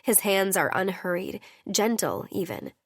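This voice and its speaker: A woman's voice: medium pitch, sing-song, a little slow, dry recording, clean studio sound. Intimate female audiobook narrator. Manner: intimate first-person reading. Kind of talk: scripted romance narration.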